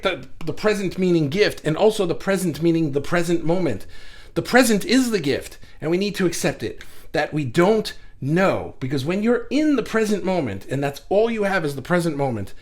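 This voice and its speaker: A man hosting a casual livestream, talking loudly and with energy about acceptance and greeting viewers by reading their comments aloud, speaking into a desk mic set well back from him. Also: high-pitched. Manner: loud, animated, reads viewer comments aloud. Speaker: livestream host. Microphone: desk mic kept at a distance without pop shield.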